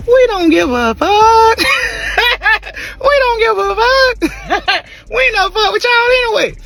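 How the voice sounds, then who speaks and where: A man's voice: extremely high pitch, expressive, slow pace, gravelly, bright, forceful tone. A man in a played clip, ranting and laughing, swearing in nearly every line. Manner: laughs between lines, swears constantly. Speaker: rapper speaking in a clip. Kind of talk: laughing profane rant to camera.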